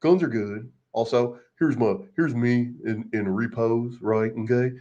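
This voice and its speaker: A man's voice: medium pitch, unhurried, warm tone, highs cut off, lightly acted. A man voicing a mocked, whiny male cowboy reenactor with exaggerated sobbing and boasting. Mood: boastful.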